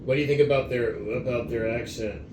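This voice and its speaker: Guy cutting in with blunt swear-heavy quips, mid-pitched voice, echoey room with faint hum. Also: fairly even intonation, a little fast. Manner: blunt, profane interjections. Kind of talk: casual comedic banter.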